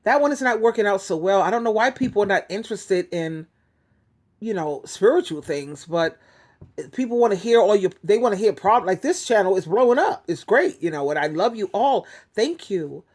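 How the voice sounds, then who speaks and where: A woman's voice: mid-range voice, lively intonation, normal speed, a little mellow. A woman hosting her own advice channel, talking casually to viewers in a chatty, rambling way, often giggling and restarting her sentences. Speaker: YouTube advice host. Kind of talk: casual talk to camera.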